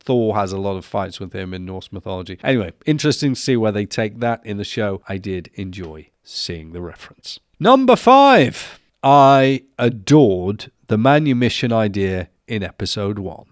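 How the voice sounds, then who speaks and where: A man's voice: on the low side, moderate pace, few pauses, darkish tone, dry recording, studio quality. A man hosting his channel, chatting casually and upbeat as he reviews a show. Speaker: video host.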